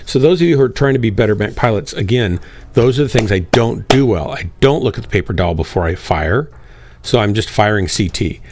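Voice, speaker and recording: A man's voice: fairly low pitch, lively intonation, a little fast, darkish tone, a little hiss or hum. A man hosting a live game stream, chatting casually and self-deprecatingly with viewers while he plays.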